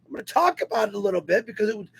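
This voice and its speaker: A man telling a personal story to an online webinar audience in an animated, emotional way. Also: sits high, rapid-fire, gravelly, breathy edge. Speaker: webinar speaker.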